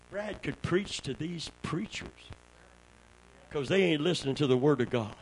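A male pastor, preaching a sermon in a call-and-response style that swings from quiet, low talk to shouted exclamations. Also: expressive, measured pace, husky, low-quality recording.

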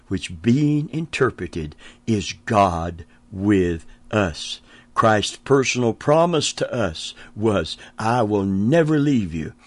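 A man's voice: fairly low pitch, no room sound. An older man preaching a sermon, stressing key phrases by repeating them and chuckling now and then. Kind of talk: sermon teaching.

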